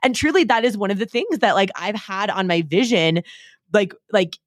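A pregnant young woman co-hosts a podcast, chatting in a bubbly, gushing way full of fillers. Her mid-range voice has lively intonation and normal speed, recorded with no echo.

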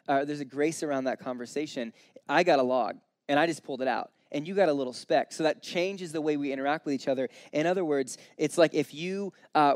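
A young man with a fairly high voice preaches in a relaxed, chatty way. He tells stories and briefly voices their characters. The sound is close and dry. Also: no room sound. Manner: casual, storytelling, voices the people in his stories. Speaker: pastor. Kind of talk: conversational sermon.

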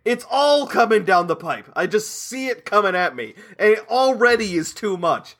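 A man's voice: sits high, sing-song, normal speed, a bit bright. A young man on a podcast, ranting in a self-mocking way, laughing and swearing often as he complains. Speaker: podcast co-host. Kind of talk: casual podcast banter.

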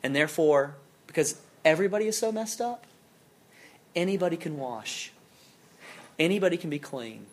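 A campus minister preaching a sermon in a conversational, animated storytelling way, with casual fillers. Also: mid-range voice, moderate pace, long pauses.

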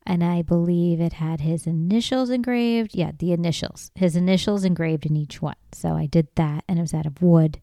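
A young woman talks alone on her podcast in a loose, swearing rant that keeps climbing into loud emphasis. Her voice sits a little low, mellow and smooth. The sound is dry and close. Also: normal speed, few pauses, no room sound. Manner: profane, ranting, gets loud and emphatic. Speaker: podcast host. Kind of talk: casual solo monologue.

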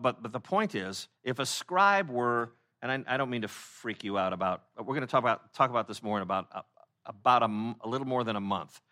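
A pastor delivers a conversational sermon at medium pitch, full of fillers and restarts, acting out the people he quotes in lively voices.

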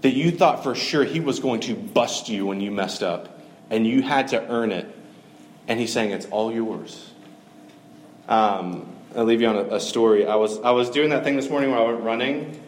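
A man's voice: medium pitch, normal speed, a little hiss or hum. A man giving a conversational, earnest sermon, with frequent fillers. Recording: echoey room with faint ambience.

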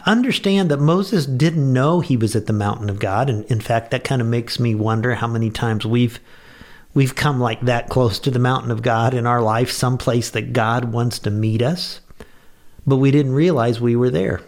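A man's voice: medium pitch, normal speed. A man delivering a short devotional radio message, earnest and conversational, with bursts of enthusiasm. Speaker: pastor.

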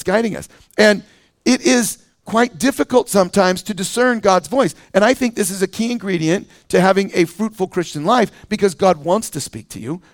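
High-voiced man preaching, dry sound. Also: no echo. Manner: conversational preaching with fillers and restarts. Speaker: pastor. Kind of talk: sermon.

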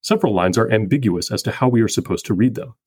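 A man hosting a podcast who reads a scripted poetry analysis in a measured, methodical way. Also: fairly low pitch, lively intonation, darkish tone, slightly rough, no echo, clean studio sound. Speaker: podcast host.

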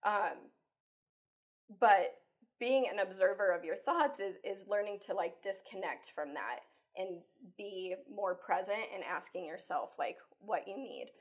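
Woman coach chatting on a podcast, lively, keeps saying like and you know, mid pitch. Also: unhurried. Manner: acts out her own inner thoughts while telling stories. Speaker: life coach and salon owner, interview guest. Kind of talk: conversational interview.

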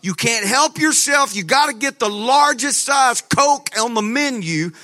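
A man pastor preaching a sermon, telling a lively story with laughter and frequent restarts. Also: extremely high pitch, measured pace, soft background music.

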